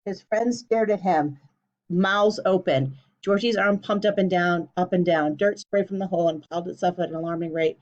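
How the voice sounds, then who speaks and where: A woman reading a children's storybook aloud in a clear, steady way. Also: on the low side, fairly quick. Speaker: narrator. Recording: dull lo-fi recording.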